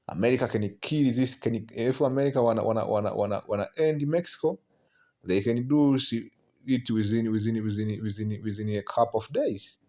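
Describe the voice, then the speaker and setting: Male preacher, mid-pitched, casual and halting, reads scripture between remarks, says "man" constantly. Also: a little mellow. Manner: keeps tagging lines with "man", halting repeats. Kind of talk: informal prophetic preaching.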